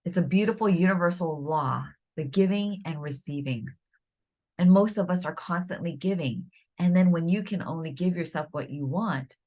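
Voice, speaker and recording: Earnest woman host, low voice. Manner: earnest, encouraging, gently instructive; frequent restarts and self-corrections. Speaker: podcast host. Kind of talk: solo podcast teaching.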